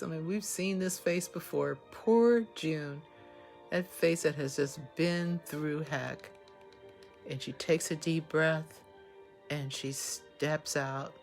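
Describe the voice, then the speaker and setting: A woman's voice: low voice, vocal fry. A woman hosting a live reaction to a TV episode, talking emotionally and exclaiming at each scene. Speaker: show reaction host.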